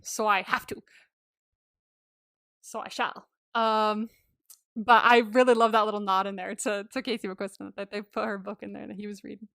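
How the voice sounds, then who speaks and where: A woman's voice: medium pitch, level tone, normal speed, gravelly, sharp tone, dry recording, clean studio sound. A woman co-hosting a podcast, chatting and rambling as she recaps a film. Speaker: podcast co-host. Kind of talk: casual chat recapping a film.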